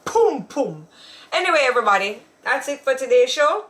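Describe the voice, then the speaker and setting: Woman, 30s, bright slightly high voice, laughing casual co-host. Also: sing-song, moderate pace. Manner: chatty, laughing storyteller. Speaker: podcast co-host. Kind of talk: casual chat.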